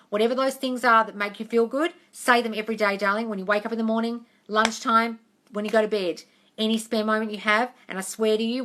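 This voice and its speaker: A woman's voice: medium pitch, fairly bright tone. A woman answering viewers' questions on a casual livestream, frank and emphatic, swearing freely and calling everyone darling. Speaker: manifestation coach answering live questions.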